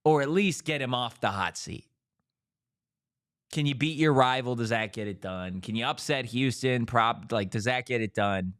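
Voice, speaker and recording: A man hosting a casual sports talk show, firing off rhetorical questions in an animated way. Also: medium pitch, normal speed.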